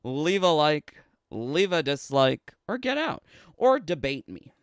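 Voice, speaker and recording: A man's voice: fairly high pitch, very animated, takes it slowly, clean tone, no echo, studio quality. A man with a Canadian accent, streaming and ranting casually, sarcastic and laughing often between phrases. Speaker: streamer and commentator. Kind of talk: casual livestream rant.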